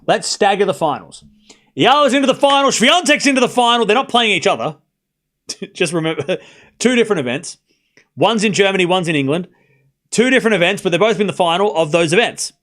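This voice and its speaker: A man giving casual live play-by-play of tennis for his stream, talking to chat and shouting at big points. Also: high-pitched, brisk. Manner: excitable, talks straight to chat, bursts of shouting at big points; casual and chatty, with slang and asides. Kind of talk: live watchalong play-by-play commentary.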